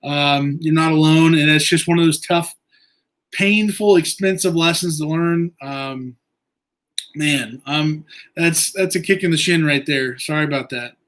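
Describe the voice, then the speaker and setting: Male livestream host, slightly high voice, halting and filler-heavy. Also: fairly bright tone. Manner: rambling, halting, many fillers. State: eye irritated from injury. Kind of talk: casual livestream chat.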